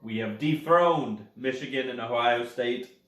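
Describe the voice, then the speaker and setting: A man's voice: mid-range voice, measured pace, fairly bright tone, echoey room. A man hosting his own college football rankings in a chatty way, talking straight to the teams and correcting his own slips. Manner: chatty, addresses teams directly, corrects himself. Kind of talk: casual sports commentary.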